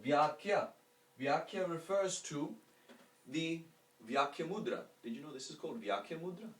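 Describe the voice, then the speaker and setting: A male teacher with a somewhat high, animated voice leads a lecture and has listeners repeat his chanting. He unpacks each word slowly and keeps asking rhetorical questions. He sounds distant, in an echoey room. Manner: explains terms slowly, asks rhetorical questions. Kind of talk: spiritual lecture with call-and-response recitation.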